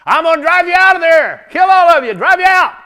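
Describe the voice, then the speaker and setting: A man's voice: extremely high pitch, expressive, fairly quick, pushed and bright, pitched above the performer's own voice, heavily acted. A man preaching, voicing a defiant young shepherd boy who hollers threats up at his enemies.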